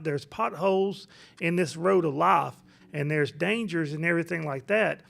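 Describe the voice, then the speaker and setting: Gravelly reassuring man in his forties. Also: on the high side. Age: 40s. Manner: calm, reassuring, fatherly. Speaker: podcast co-host, father. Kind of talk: casual advice talk.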